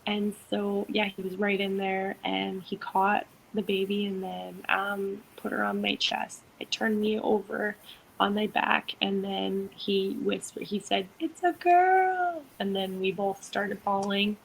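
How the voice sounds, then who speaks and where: A young woman co-hosting a podcast, telling a personal story in a casual, animated way, acting out quotes and using lots of fillers. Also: medium pitch, a little slow, creaky, a little hiss or hum, low-quality recording. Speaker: podcast co-host, doula.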